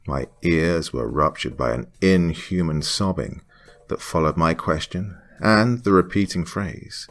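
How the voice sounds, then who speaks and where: A man reading a first-person horror story in a hushed voice that drops to whispers. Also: low-pitched, unhurried. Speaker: horror podcast narrator. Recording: faint music under the voice.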